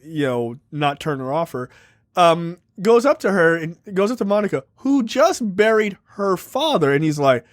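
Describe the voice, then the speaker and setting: Podcast co-host, male, slightly high voice, loose rambling recap, dead dry sound. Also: sing-song, normal speed, no echo. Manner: recaps plot loosely with lots of fillers and joking asides. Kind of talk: casual movie review chat.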